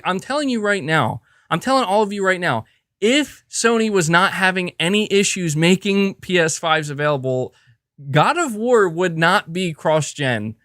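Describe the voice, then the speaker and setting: A man hosting a live reaction stream. He reads out viewer messages and talks in quick restarts. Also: fairly high pitch, a bit bright, dry recording, clean studio sound. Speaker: livestream host.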